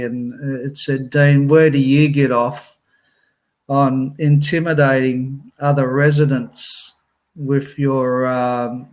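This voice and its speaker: Slow-talking man telling his story. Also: mid-range voice. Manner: conversational storytelling, frequent restarts and laughs. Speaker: speaker sharing his life story. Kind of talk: personal testimony talk.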